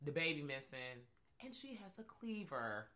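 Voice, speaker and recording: Animated, bright-voiced woman podcaster. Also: deep voice, moderate pace. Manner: profane, animated, acts out scenes. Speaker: podcast co-host. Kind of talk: casual movie recap chat.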